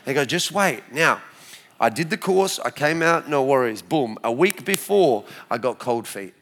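A man in his forties with an Australian accent, telling his faith story to a church crowd in a lively, storytelling way. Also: mid-range voice, normal speed, slight background noise. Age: 40s. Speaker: speaker sharing his testimony. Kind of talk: church testimony talk.

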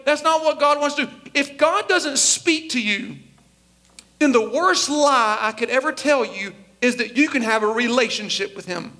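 A man preaching a sermon, animated and joking as he acts out Bible characters in comic voices. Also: very high voice, moderate pace. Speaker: pastor.

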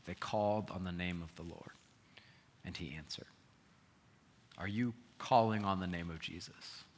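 A man preaching a sermon as pastor, earnest, swinging between loud emphasis and quiet asides. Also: low voice, normal speed. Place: church sanctuary. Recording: long hall reverb.

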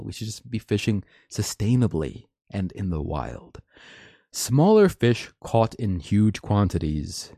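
A man's voice: fairly low pitch, vocal fry, warm tone, dry recording, clean studio sound. A man hosting a live stream, reading and commenting on news articles in an opinionated, rambling way, laughing often.

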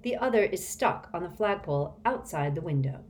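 A woman's voice: on the low side, lively intonation, normal speed, darkish tone, a little hiss or hum, close to an everyday voice. Woman reading as a polite, clever boy.

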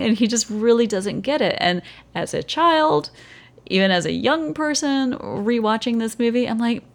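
A woman co-hosting a casual podcast about a movie, animated and quick to laugh and swear. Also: mid-range voice. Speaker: podcast co-host. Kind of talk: casual film discussion.

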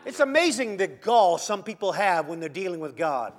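High-voiced man preaching. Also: sing-song, moderate pace. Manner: dramatic, swinging from soft to shouting; acts out quoted voices of God and Moses. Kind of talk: sermon.

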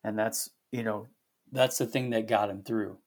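A man hosting a devotional podcast, talking through a Bible passage in a reflective, halting way with many fillers. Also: on the low side, steady tone. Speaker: pastor and podcast host. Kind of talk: conversational devotional podcast talk.

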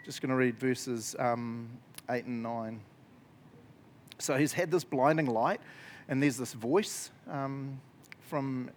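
A man giving a casual sermon as pastor, chatty and animated, with many fillers and frequent laughs. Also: medium pitch, a little hiss or hum.

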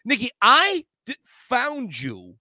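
A podcast host from an Italian-American family chats casually in an interview, telling family stories in an enthusiastic, rambling, animated way. His voice is very high-pitched and he takes it slowly, recorded dry at studio quality.

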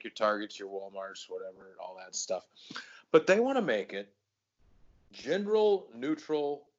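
A man's voice: mid-range voice, lo-fi sound. A man co-hosting a podcast, ranting in casual chat with lots of swearing. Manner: profane, ranting, worked up. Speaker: podcast co-host.

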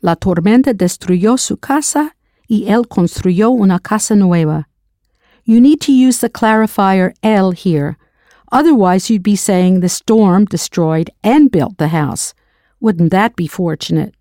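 A woman's voice: mid-range voice, expressive, a little slow, mellow, no echo, clean studio sound. A woman teaching a recorded language lesson, spelling words out letter by letter and asking the listener to answer. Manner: spells words letter by letter, then prompts the learner.

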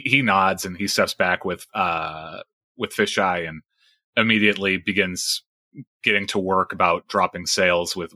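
A man narrates a tabletop game as its game master, his voice a little low yet bright and forward. He talks loosely with plenty of fillers and restarts, recorded close and dry. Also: no room sound.

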